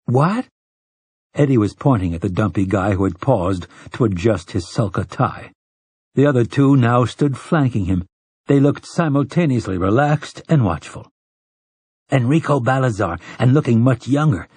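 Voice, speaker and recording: A man narrating an audiobook in a measured, even storytelling manner, with a husky voice. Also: lowish voice, no room sound. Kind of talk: scripted narration.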